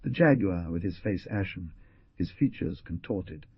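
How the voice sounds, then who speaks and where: A man narrating an audiobook in a dramatic, animated reading. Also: sits low, measured pace, husky, dry recording. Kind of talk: scripted narration. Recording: dull dry lo-fi recording.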